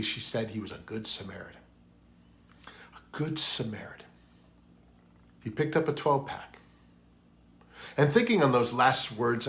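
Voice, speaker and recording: A pastor from New England, his mid-range voice fairly bright with some vocal fry, preaches for an online worship video. After an opening prayer he tells a story with earnest conviction, his voice climbing when he wants to emphasize something.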